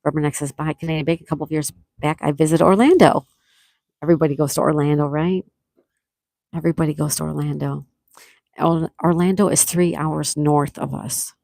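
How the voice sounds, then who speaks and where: A woman's voice: low-pitched, steady tone, brisk, gravelly, darkish tone, no room sound, studio quality. A woman with a Buffalo, New York accent hosting a casual live stream, chatting and reading viewers' comments aloud before answering them. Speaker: livestream host.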